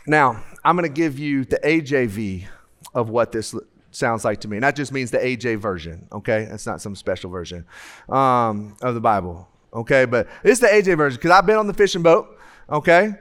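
A man preaching a lively, humorous sermon into a stage microphone in a church, acting out the voices of people in his stories. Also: medium pitch, normal speed. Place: church sanctuary.

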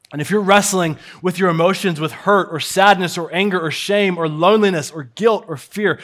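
A pastor preaching an earnest sermon to his church, dropping to hushed lines and then rising to stressed ones. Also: sits high.

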